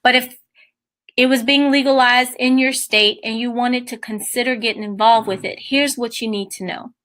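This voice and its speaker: A woman with a bright, forward voice gives a business presentation to a room of listeners. She sits a little high in pitch and talks with eager, conversational enthusiasm. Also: fairly even intonation, normal speed.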